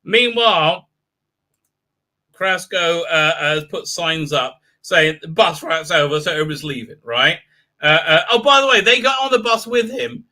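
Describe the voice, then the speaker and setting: A man's voice: fairly high pitch, normal speed, pushed and bright. A man hosting a live stream, recapping an episode in a rambling, sarcastic way with many fillers. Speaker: show host.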